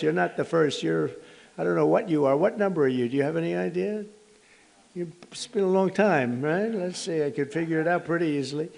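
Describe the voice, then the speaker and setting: A man's voice: on the high side, creaky. An American man in his seventies giving a rambling ceremonial speech at a podium indoors, wandering into teasing asides to guests in the room. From United States. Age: 70s. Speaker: head of state hosting a ceremony. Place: formal indoor reception room.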